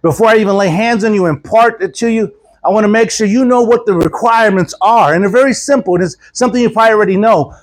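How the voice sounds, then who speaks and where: A man's voice: high voice, poor audio. A man from Texas, a traveling preacher, giving an informal, folksy sermon and often repeating words as he tells stories. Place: church gathering.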